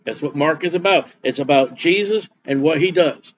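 A man's voice: on the high side, moderate pace, highs cut off, a little hiss or hum. A man preaching a sermon as pastor, folksy and repetitive, reading scripture aloud between his comments. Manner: folksy preaching with repeated words and Bible reading.

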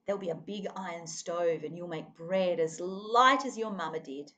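A woman's voice: on the low side, normal speed, fairly bright tone, lo-fi sound, a little hiss or hum, lightly acted. A woman voicing a pioneer father who sounds brave and reassuring, forcing cheer.

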